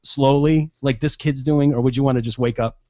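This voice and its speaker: A man's voice: medium pitch, brisk, no echo. A man hosting a podcast, trading crude jokes and teasing his co-hosts in casual banter. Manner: joking, animated, teasing. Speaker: podcast host. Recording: dull lo-fi dry sound.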